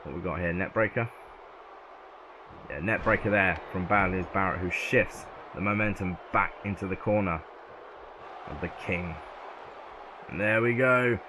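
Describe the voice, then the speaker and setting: Excitable southern English man calling play-by-play. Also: low voice, unhurried, long pauses, background noise. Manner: excitable, yells at near-falls. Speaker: video game commentator. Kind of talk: play-by-play game commentary.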